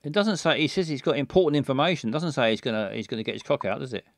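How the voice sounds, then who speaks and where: A man's voice: medium pitch, rapid-fire, no echo. A man, giving bawdy, joking commentary on a game stream.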